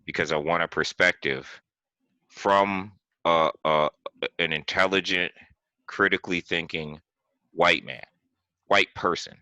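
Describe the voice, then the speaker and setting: Very deep-voiced, bright-toned man. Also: fairly even intonation, no room sound, poor audio. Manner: teasing, playful, deliberate questioner. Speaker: podcast host. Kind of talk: casual podcast chat.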